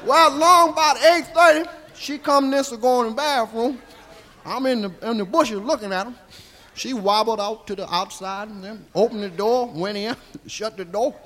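A man doing a high-voiced old Southern storyteller, Mudbone. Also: moderate pace, a bit bright. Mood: rambling. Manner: drawling, folksy, coarse, keeps asking "see?". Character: old rambling country man telling tall tales. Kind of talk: stand-up character monologue. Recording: live hall reverb.

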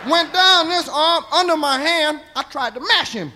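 A man's voice: very high voice, normal speed, sharp tone, slight background noise. A man telling a profane comic story in a drawling way, tagging his lines with "see?".

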